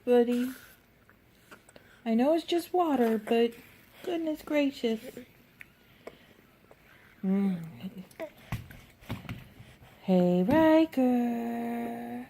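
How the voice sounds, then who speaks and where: A woman's voice: high voice, lively intonation, slow, vocal fry, pauses often, dark tone, a little hiss or hum. A woman filming her baby at home, coaxing him in sing-song baby talk. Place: at home indoors.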